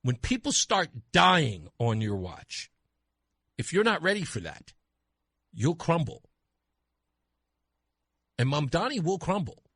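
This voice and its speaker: A man hosting a talk radio show, delivering an animated, mocking opinion monologue. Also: fairly high pitch, takes it slowly, long pauses, husky, dry recording, studio quality. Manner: animated, mocking, acts out voices.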